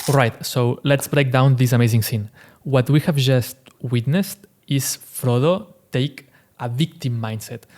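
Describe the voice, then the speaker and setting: A man's voice: mid-range voice, unhurried, a little mellow. Guy hosting a chill explainer, mid-range voice, keeps saying "right?" and "like", chuckles a lot. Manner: chatty, fillers like "right?" and "like", laughs now and then. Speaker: host. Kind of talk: casual commentary.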